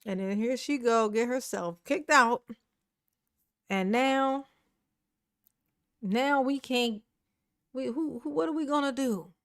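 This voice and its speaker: A woman's voice: on the high side, slow pace, long pauses, dry recording, clean studio sound. A woman hosting casual online commentary, chatty and slangy, laughing often and talking back to what she watches.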